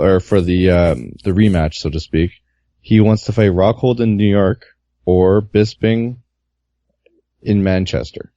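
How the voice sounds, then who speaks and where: A man recounting his experience as a reporter in a casual podcast chat, relaxed and rambling with lots of fillers. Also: deep voice, no room sound. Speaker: guest reporter. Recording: muffled, dull lo-fi audio.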